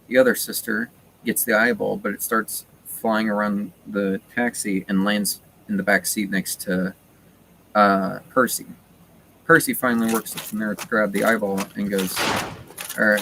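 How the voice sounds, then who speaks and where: A man casually retelling a story while playing a game, rambling with lots of fillers. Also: fairly low pitch. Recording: noticeable background noise.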